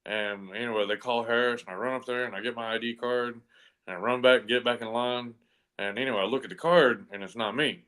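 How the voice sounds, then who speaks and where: A man's voice: medium pitch, fairly even intonation, fairly quick, sharp tone. A man telling a long story in casual chat, rambling with lots of "and anyway" fillers and easy swearing. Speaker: comedy podcast co-host telling a story.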